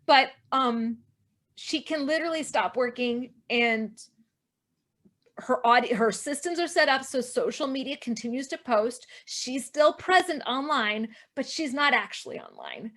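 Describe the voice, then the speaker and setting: A high-pitched woman talking as a podcast guest. She is earnest and emotional, full of restarts and little asides. She turns to the listeners now and then in an animated, chatty way. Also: a little slow. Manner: animated, addresses listeners directly. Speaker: podcast guest, online entrepreneur. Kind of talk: casual interview chat.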